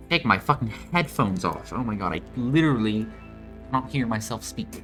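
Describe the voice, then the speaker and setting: A man's voice: lowish voice, lively intonation, moderate pace, fairly bright tone, faint music behind. A man reading a story game's text aloud and making casual, swearing asides as a let's play host, while ill. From United States.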